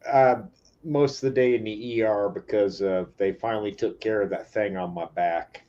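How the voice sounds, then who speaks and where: A man's voice: on the low side, fairly even intonation, normal speed, warm tone, lo-fi sound. A man calling in to a stream over a video call, talking matter-of-factly and swearing casually. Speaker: call-in guest. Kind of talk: casual chat.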